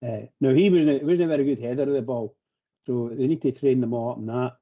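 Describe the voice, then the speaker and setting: A man's voice: medium pitch, fast, narrow, tinny audio. A man talking passionately on a live radio phone-in, rambling and repeating himself as he gets worked up. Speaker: phone-in pundit.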